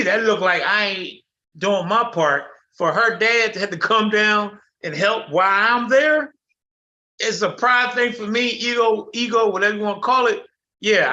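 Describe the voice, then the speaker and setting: Bright-voiced blunt middle-aged man. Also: high voice. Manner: blunt, animated storytelling with slang and cursing. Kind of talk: casual storytelling on a video call. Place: video call. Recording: muffled video call audio.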